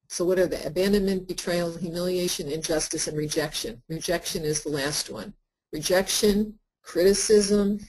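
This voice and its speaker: A woman therapist lecturing to practitioners in an earnest, conversational way, with frequent pauses and fillers. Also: low voice, a little mellow, husky, low-quality recording. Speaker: therapist teaching a workshop.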